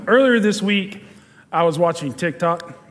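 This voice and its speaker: A man, a pastor, giving a sermon and telling a story with lively storytelling and chuckles. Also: high voice, unhurried, slight background noise. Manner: storytelling, animated, chuckles while telling stories. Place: church sanctuary. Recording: church hall with long reverb.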